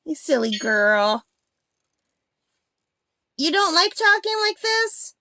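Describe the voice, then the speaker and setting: A woman talks to her pet in playful baby talk, her voice high and sweet. The sound is dry and close, recorded in a bedroom with almost no room echo. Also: big pitch swings, takes it slowly, bright, forceful tone. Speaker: craft vlogger, pet owner. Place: upstairs bedroom.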